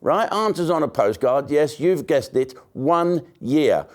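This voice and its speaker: A man's voice: on the high side, animated, measured pace. An older man hosting his own show, ranting in a blunt, sweary, mocking comic monologue full of asides and restarts.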